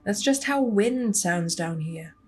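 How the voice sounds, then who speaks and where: A woman's voice: medium pitch, expressive, slow pace, darkish tone. Girl reading a chill ghost hunter lady, teasing and easy, faint music in the back. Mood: breezy. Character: cheerful ghost-hunting young woman, unbothered.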